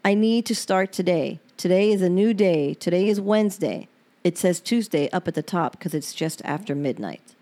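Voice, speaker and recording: A podcast host reads entries from her personal diary aloud, frank and emotional, swearing along the way. Her voice is dark, mellow and fairly low, animated, at a moderate pace.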